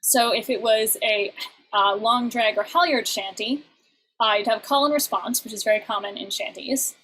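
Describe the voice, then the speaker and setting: A woman's voice: fairly high pitch, moderate pace, a bit bright, slight background noise, low-quality recording. A young adult woman teaching an online songwriting class in a chatty way, with many fillers and restarts.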